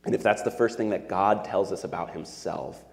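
A man's voice: sits low, normal speed, vocal fry. A man in his thirties preaching a sermon as pastor, earnest and conversational, talking to his church on a Sunday morning. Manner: conversational, earnest, with fillers like "like" and "right?". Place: church sanctuary. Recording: long hall reverb.

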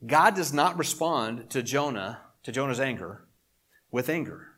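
Middle-aged male pastor, conversational sermon delivery, punches key points then drops low for asides. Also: lively intonation, unhurried, breathy edge. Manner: conversational preaching with emphatic swells and quiet asides.

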